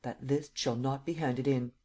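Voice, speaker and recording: A man voicing a confident gentleman thief who answers gravely and with quiet assurance, in an audiobook. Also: medium pitch, fairly even intonation, measured pace, lightly acted. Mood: poised. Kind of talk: audiobook character reading.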